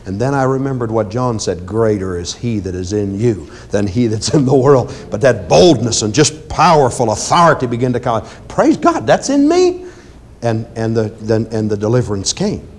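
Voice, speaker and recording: Preaching on deliverance ministry, a man with a lowish voice talks at normal speed with few pauses. He repeats phrases and addresses his congregation directly, emphatic and commanding as he swings from loud commands to quiet asides.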